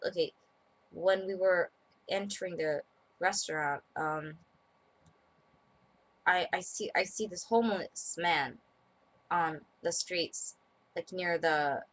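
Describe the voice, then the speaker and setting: A young woman from Japan talks to her camera at home, pitched a little low for a woman. She wanders through a story with lots of ums, likes and restarts, in a relaxed vlog chat. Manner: rambling, many fillers and restarts. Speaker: vlogger.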